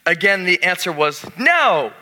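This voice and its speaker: A man's voice: sits high, normal speed, pushed and bright. A man, a pastor preaching a sermon to his congregation, with a jokey, emphatic manner. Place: church sanctuary. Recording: reverberant church hall.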